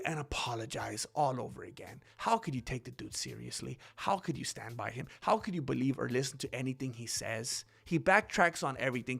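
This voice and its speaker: A man's voice: sits high, sharp tone. A man hosting his own commentary channel, giving heated opinions and acting out the voices he quotes.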